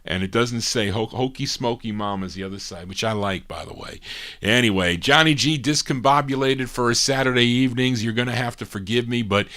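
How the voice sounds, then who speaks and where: A man's voice: medium pitch, a little fast, pushed and bright. A middle-aged man hosting a live amateur radio show, rambling and correcting himself with small chuckles. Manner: rambling, self-correcting, chuckles at own slips.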